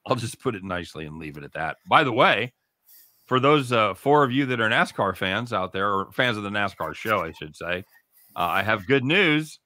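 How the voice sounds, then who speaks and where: Middle-aged male radio host, lowish, punchy, bright voice, profane and excitable, dry close mic. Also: normal speed. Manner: profane, excitable, laughs loudly. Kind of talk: casual sports talk banter.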